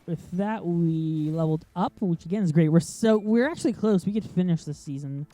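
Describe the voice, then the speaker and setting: A man's voice: a little high, brisk, warm tone, soft background music. A man hosting a casual let's-play commentary, rambling and chatty, easily sidetracked, filling gaps with lots of ums. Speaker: gaming channel host.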